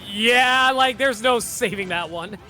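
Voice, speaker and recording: High, bright-voiced male esports commentator. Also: a little slow, slight background noise. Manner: joking, laughs often, corrects himself mid-sentence. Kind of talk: casual play-by-play commentary.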